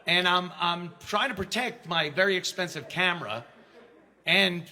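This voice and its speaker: Bright-voiced man telling a story. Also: sits high, normal speed. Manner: storytelling, acting out quotes with raised voice; frequent restarts and stammers. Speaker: conference speaker. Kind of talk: anecdotal speech to an audience.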